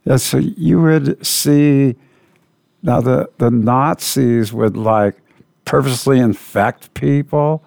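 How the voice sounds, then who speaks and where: A man's voice: mid-range voice, slow pace, creaky, darkish tone, dry recording. A man hosting a casual interview and asking curious questions.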